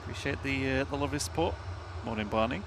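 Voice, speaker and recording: A man's voice: medium pitch, fast, noisy background. A man co-hosting a live stream outdoors, bantering, joking and thanking viewers. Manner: jokey, banters and laughs. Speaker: livestream co-host. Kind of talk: casual live commentary. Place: outdoors by an airport runway.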